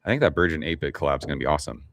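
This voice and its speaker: Middle-aged male stream host, very deep and laid-back, rambling and cussing casually. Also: expressive, racing, fairly bright tone, no room sound. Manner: laid-back, rambling, swears casually, reads chat aloud. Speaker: livestream host. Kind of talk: casual live-stream chat.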